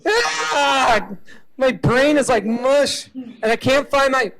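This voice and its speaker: A man's voice: slow pace, raised voice, a crowd in the background, heavily acted, poor audio. A man voicing a frazzled, forgetful cancer patient who is confused and panicky. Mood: frantic. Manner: shrill, frantic and scattered.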